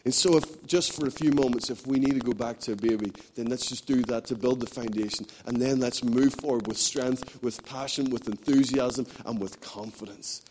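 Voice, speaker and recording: A man's voice: mid-range voice, moderate pace, hardly any pauses, darkish tone, slight background noise. A man preaching a sermon, emphatic and repetitive, building his points in rhythmic runs. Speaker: pastor.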